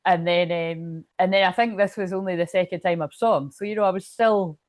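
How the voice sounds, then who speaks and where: A woman's voice: on the low side, steady tone, a little fast, dry recording. A woman doing casual live-stream chat as a spiritual reader, telling a rambling story full of swearing.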